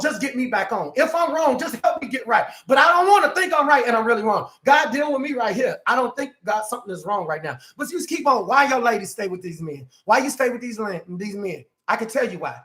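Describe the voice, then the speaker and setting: A man preaching as a self-empowerment life coach, emphatic and swinging from quiet asides to shouts, acting out quoted people. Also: very high voice. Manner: acts out quoted speakers in exaggerated voices. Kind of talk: preaching motivational talk.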